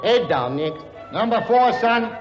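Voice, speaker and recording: A fussy, officious prime minister. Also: male voice, high-pitched, expressive, unhurried, music in the background. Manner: crisp, officious announcing. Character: dutiful male prime minister, a fussy royal aide. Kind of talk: 1950s radio comedy acting. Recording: dull old broadcast recording.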